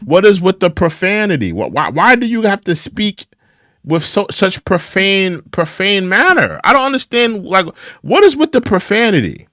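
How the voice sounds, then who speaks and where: A man's voice: high voice, very animated, normal speed, pushed and bright, dry recording, clean studio sound. A man hosting a political reaction show, scolding the clips he plays and often repeating himself. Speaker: political commentary host. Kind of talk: reaction commentary.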